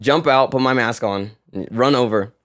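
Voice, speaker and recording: A man co-hosting a podcast, telling a story in casual chat and acting out the people in it loudly. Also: medium pitch, normal speed, dry recording, clean studio sound. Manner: animated storyteller, acts out quotes loudly. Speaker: podcast co-host.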